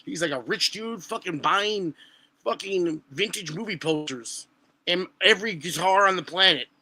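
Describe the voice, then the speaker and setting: A man, telling stories on a podcast in an animated, profane way. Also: high voice, normal speed. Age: 20s. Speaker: guest musician. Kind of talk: casual podcast chat.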